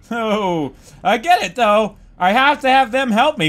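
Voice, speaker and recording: High-voiced excitable gaming commentator man. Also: takes it slowly, hardly any pauses. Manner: excitable, swings from mumbling to shouting, swears. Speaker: let's play host.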